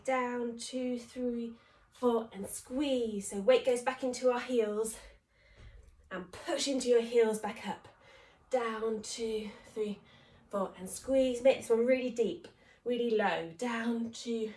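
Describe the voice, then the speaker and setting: A woman's voice: a little high, steady tone, slow pace, darkish tone. A woman leading a home workout at a chatty, encouraging pace, counting reps and getting out of breath as she exercises. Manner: breathless from exercising while talking. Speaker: fitness instructor. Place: home room. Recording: echoey room, voice from a distance.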